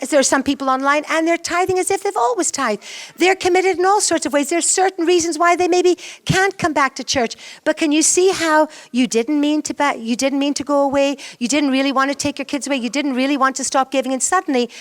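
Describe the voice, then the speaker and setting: Woman preaching with rhetorical questions. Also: high-pitched. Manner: animated, full of rhetorical questions. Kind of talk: conversational sermon. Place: church.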